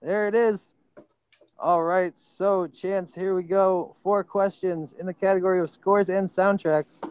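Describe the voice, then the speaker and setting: A man hosting a trivia tournament, reading out questions and reacting with excitement to answers. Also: high voice, clear, resonant tone, dry recording. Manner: excitable, apologetic about slips. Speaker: quiz host.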